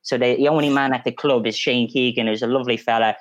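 A man's voice: medium pitch, fast, no echo, poor audio. A man on a football podcast panel telling a long story in a casual, chatty way with frequent restarts. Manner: storytelling, animated, many restarts.

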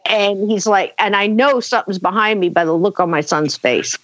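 A woman's voice: mid-range voice, normal speed, dry recording. A middle-aged woman, a guest on a talk show, telling a story with laughter and acting out what she said. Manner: animated, laughs often, acts out her own quotes. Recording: dull dry sound.

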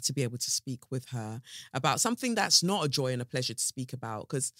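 A woman hosting a solo podcast, chatting frankly and animatedly, swearing freely and swooping up in pitch. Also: animated, fast talker, no room sound, studio quality. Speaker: podcast host.

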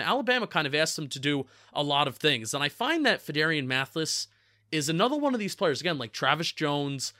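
A man's voice: fairly high pitch, bright, forceful tone, dry recording, clean studio sound. A man with a New Jersey accent, talking casually as a co-host in a chatty, loose way, often restarting his words. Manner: chatty, restarts words, laughs at own slips. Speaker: co-host of a football draft podcast. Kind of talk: casual sports analysis chat.

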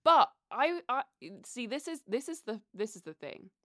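A woman's voice: sits high, expressive, normal speed, no echo, studio quality. A young British woman with a British accent co-hosting a podcast, talking candidly in casual chat. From Britain. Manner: candid, chatty. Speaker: podcast co-host.

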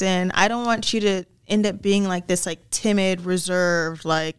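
A woman's voice: on the low side, steady tone, a little slow, clean tone, no room sound. A woman co-hosting a casual chat, talking in a chatty way with many fillers and frequent laughs. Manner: chatty, lots of "like", laughs often. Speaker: podcast co-host.

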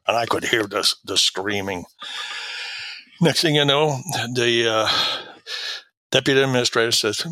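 A man's voice: medium pitch, unhurried, pauses often, pushed and bright, dry recording. An older man from Quebec, a guest in an interview, telling long anecdotes with many fillers and acting out quoted dialogue. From Quebec, Canada. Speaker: guest, retired drug agent. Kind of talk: storytelling interview.

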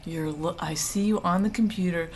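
A woman's voice: fairly low pitch, moderate pace, darkish tone, slight background noise. A middle-aged woman co-hosting a podcast, chatting casually, brash and swearing, slipping into mock accents for fun. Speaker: podcast co-host. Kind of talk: casual bickering chat.

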